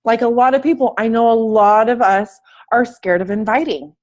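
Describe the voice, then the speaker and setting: A woman's voice: on the high side, fairly even intonation, normal speed, a little mellow. A sick, slightly wheezy woman giving an upbeat, emphatic motivational talk as a fitness coach on a team call from home, speaking in casual slang. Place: at home, in bed.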